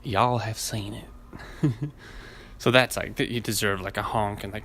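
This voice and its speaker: A man's gravelly, slightly bright voice sits on the low side, steady and moderately paced, with a little hiss or hum behind it. He hosts a podcast alone, hot and sweaty, rambling casually, cursing freely and laughing at his own stories.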